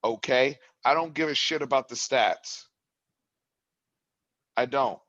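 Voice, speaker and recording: Bright-voiced man ranting about football. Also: medium pitch, slow, lo-fi sound. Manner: impassioned, builds to yelling. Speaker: sports talk host. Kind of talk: postgame fan reaction talk.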